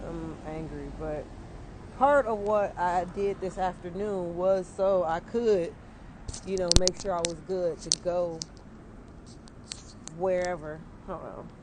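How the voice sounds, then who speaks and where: A woman's voice: on the low side, takes it slowly, background noise. A young woman venting casually and angrily on a phone livestream outdoors, swearing often and rambling with many fillers.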